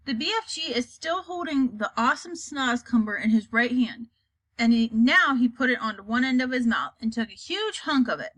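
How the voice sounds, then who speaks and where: A woman narrating a children's novel in a calm, lowered storytelling voice. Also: normal speed, no echo. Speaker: audiobook reader.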